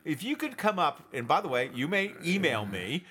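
Guy co-hosting a political podcast, swears a lot, bright voice, swings all over the place. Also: a little high, moderate pace, breathy edge. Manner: profane, animated, laughs often. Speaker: podcast co-host. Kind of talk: casual political chat.

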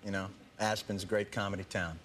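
A man guesting on a talk show, joking in a deadpan, halting way with lots of fillers. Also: lowish voice. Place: TV studio with audience. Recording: loud studio audience noise in broadcast clip.

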